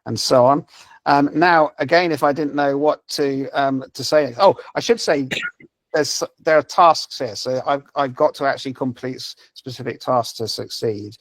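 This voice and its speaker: A man's voice: mid-range voice, moderate pace, no room sound. Hesitant man giving a webinar demo. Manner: hesitant, many fillers and repeated words. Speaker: presenter demonstrating a language-learning app.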